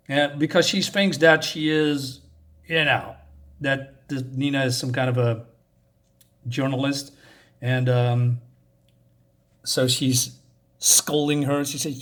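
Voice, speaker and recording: Male comic reviewer, casual, rambling, slightly high voice. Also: a bit bright. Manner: rambling, many fillers and restarts, chuckles.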